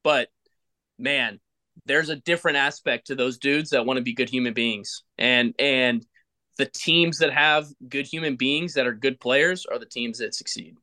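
Bright-voiced man hosting heartfelt. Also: mid-range voice, unhurried. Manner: emphatic, rambling, heartfelt. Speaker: podcast host, former ballplayer. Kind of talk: casual podcast chat.

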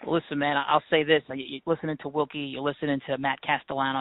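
A man's voice: on the high side, level tone, quick pace, no room sound, phone-quality sound. A man hosting a podcast in casual conversation, talking emphatically like a coach. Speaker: podcast host.

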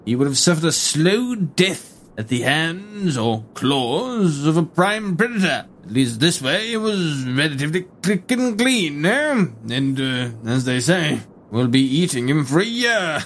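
A man doing a pompous, formal space gentleman. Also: a little high, very animated, a little slow, few pauses, a little hiss or hum. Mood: self-justifying. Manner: pompous, formal old-fashioned diction.

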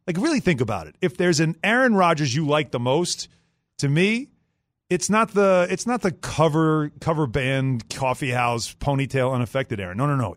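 A man's voice: medium pitch, no room sound, studio quality. A man hosting a sports radio show, upbeat and chatty, reading sponsor lines between segments. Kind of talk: casual sports radio chat. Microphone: studio microphone.

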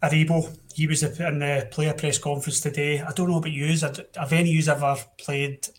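A man's voice: a little high, little pitch movement, a little fast. A young Scottish man hosting a casual football podcast, blunt and opinionated, often restarting his sentences. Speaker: podcast host.

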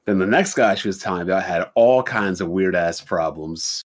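A man's voice: low-pitched, a little fast. A young adult man on a podcast telling a dating story in a blunt, profane, casual way, acting out both sides of the conversation in his own voice. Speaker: podcast host.

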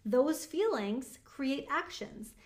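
A woman's voice: high-pitched, expressive, takes it slowly, a little mellow. A young woman giving a casual motivational talk, chatty and emphatic, with lots of "like" fillers. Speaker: motivational speaker on manifesting.

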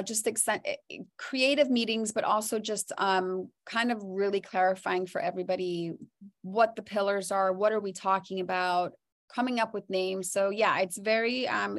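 A woman saying goodbye as a podcast co-host, talking in an emotional, halting way with restarts. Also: mid-range voice. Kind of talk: casual chat.

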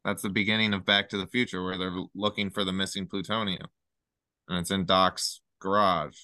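A man talking as a podcast guest in casual chat, rambling excitedly through one number theory after another. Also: deep voice, a little fast, no echo, studio quality.

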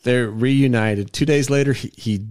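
A man's voice: medium pitch, measured pace, a little mellow, no echo, studio quality. A man hosting a podcast, telling a story in a rambling, casual way, repeating words and acting out quotes.

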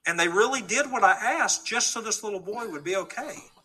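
A man's voice: high-pitched, expressive, a little fast, bright, forceful tone, slight background noise, rough recording. A middle-aged man earnestly telling his testimony story to a live audience, acting out the dialogue he quotes. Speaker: speaker giving a testimony.

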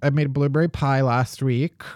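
A young adult man co-hosting a podcast in casual chat, animated and joking. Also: mid-range voice, moderate pace, no echo, clean studio sound. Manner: animated, joking, mimics voices. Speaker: podcast co-host.

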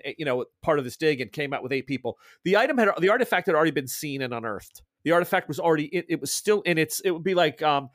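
Guy gm rambling through a horror tabletop game, kinda high voice, dead dry sound. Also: dry recording. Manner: rambling, full of restarts and asides. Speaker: game master.

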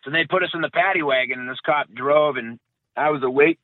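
This man, a guest who survived a bombing, recounts his experience in a loose interview, wandering off, repeating phrases and fixing his own words. His voice sits on the high side and runs a little fast. The sound is dry and tinny, much like a phone line.

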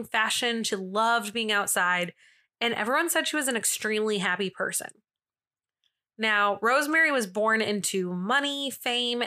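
A young woman with a pushed, bright, mid-range voice hosts a casual storytelling podcast. Her delivery is chatty and filler-heavy, broken up by asides and laughter.

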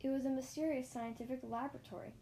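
A woman's voice: high voice, fast talker, a little hiss or hum. Woman reading a children's story aloud. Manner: lively first-person storytelling with small slips. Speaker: narrator.

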